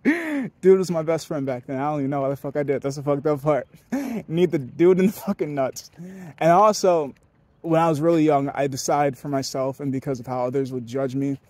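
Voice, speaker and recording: A man's voice: on the high side, expressive, brisk, a little mellow, no echo. A young man rambling through a casual podcast monologue, profane and often laughing. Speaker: podcast host.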